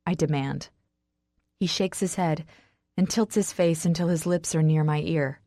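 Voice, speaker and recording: A woman narrating a first-person romance audiobook with emotional delivery that rises to shouts in the dialogue. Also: deep voice, steady tone, a little slow, no room sound, clean studio sound.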